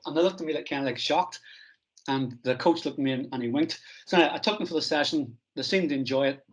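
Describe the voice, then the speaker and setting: A middle-aged man from Northern Ireland, a strength coach telling stories from his career in a relaxed, self-deprecating interview. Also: a little high, fast, poor audio. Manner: anecdotal, self-deprecating, acts out quoted dialogue.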